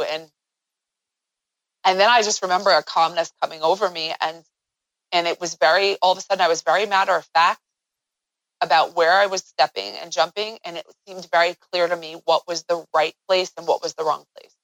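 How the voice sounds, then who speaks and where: Interview guest, woman, lower register, earnest storyteller, dry recording. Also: fairly even intonation, brisk, a bit bright, dry recording, rough recording.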